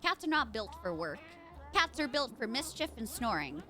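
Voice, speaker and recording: A woman's voice: on the high side, sing-song, pushed and bright. Woman voicing a pompous, sleepy cat mayor. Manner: slow, lofty, drowsy proclamations.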